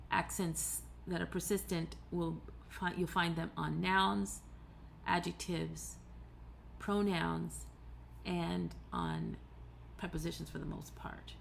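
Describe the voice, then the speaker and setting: A woman's voice: on the low side, creaky, a little hiss or hum. A woman giving a recorded tutorial lecture, explaining patiently step by step with occasional fillers and self-corrections. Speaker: teacher.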